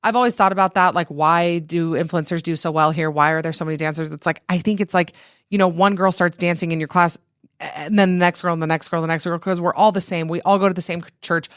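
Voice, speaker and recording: A woman's voice: fairly low pitch, fairly even intonation, quick pace, clear, resonant tone, no room sound, studio quality. A woman from Utah, a podcast guest in casual chat, rambling with many fillers.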